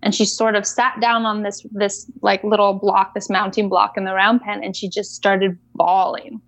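A woman's voice: medium pitch, level tone, moderate pace, no echo. A woman equine coach telling a story in a casual interview, chatty and full of fillers.

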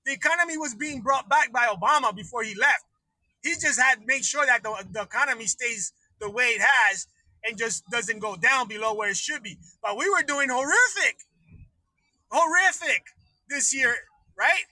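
High, bright-voiced man ranting. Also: normal speed, no room sound, low-quality recording. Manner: profane, rambling, laughs often. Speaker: livestream host. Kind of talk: casual political rant.

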